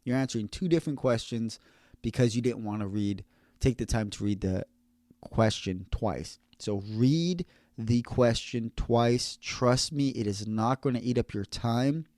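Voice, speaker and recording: A man who works as an electrician, giving casual, earnest advice on passing an exam, slowing down to repeat key points. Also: fairly low pitch, darkish tone, dry recording, clean studio sound. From California.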